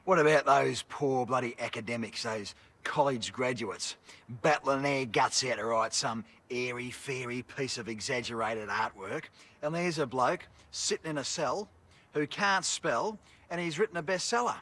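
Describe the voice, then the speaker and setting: A brash Australian crook. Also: male voice, medium pitch, moderate pace, a bit bright. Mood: mocking. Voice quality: coarse, swears constantly, bossy. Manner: mocking, boisterous, bosses people around. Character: brash boastful male career criminal, cheeky and crude. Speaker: convicted criminal giving a television interview. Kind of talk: film drama.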